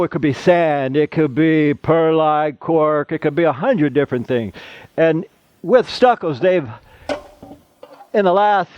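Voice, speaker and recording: A man's voice: a little high, lo-fi sound. A middle-aged man, a plasterer, giving a casual how-to demonstration, chatty and rambling into side stories.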